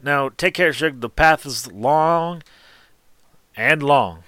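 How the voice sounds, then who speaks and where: A man's voice: on the high side, takes it slowly, sharp tone, no room sound, clean studio sound, pitched above the performer's own voice. A man voicing a proud, coy female dragon craftswoman who talks in a teasing, flirty drawl. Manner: flirty, teasing drawl, calls people sugar.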